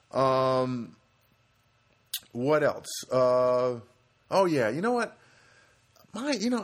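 Male comedian host from New Jersey, rambling casual monologue. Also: fairly low pitch. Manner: rambling, many restarts, animated asides.

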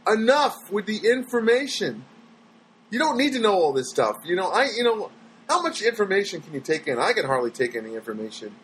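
The man's voice sits on the high side, heard through a rough recording with some hiss or hum. His casual monologue to viewers meanders through everyday stories with exasperation, repeated restarts, and mimicry of the people he quotes.

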